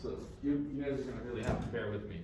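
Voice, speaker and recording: A man's voice: medium pitch, rapid-fire. A man teaching a group rhythm class, counting beats aloud and cheering the students on. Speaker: guitar teacher. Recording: roomy, distant mic, music in the room.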